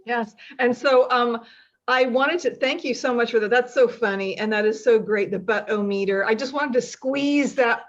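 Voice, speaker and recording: A woman's voice: a little high, normal speed. A woman hosting a casual talk show, upbeat and playful as she moves the talk along. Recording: dull lo-fi audio.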